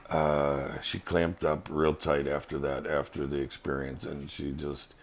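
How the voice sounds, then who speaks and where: A man with a very deep, flat voice tells a personal spiritual story. He speaks slowly, in an earnest and halting way, like a vlogger giving his testimony.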